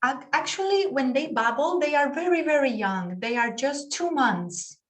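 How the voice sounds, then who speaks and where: A woman's voice: high-pitched, lively intonation, normal speed. A woman whose first language is Spanish, teaching an online class over a video call and patiently explaining with spoken examples.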